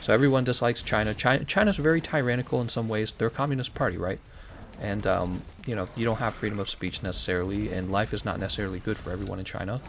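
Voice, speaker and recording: American dude streaming, rambly and opinionated, kinda low voice, faint room hum. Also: male voice, fast talker. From United States. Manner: rambling, opinionated, answers chat questions. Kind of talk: casual commentary while gaming.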